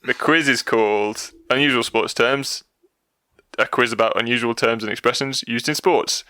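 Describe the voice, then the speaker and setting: A man's voice: medium pitch, normal speed, pushed and bright, clean tone, no room sound. A man co-hosting a podcast, reading out quiz questions in casual chat, jokey and laughing often.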